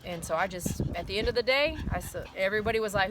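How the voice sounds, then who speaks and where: A woman's voice: mid-range voice, quick pace, hardly any pauses. A woman with a mid-range voice talks straight to her viewers in a loose, rambling way, heartfelt and earnest. She is a dog groomer recording outdoors at sundown, with faint noise in the background. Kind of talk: casual vlog talk to viewers.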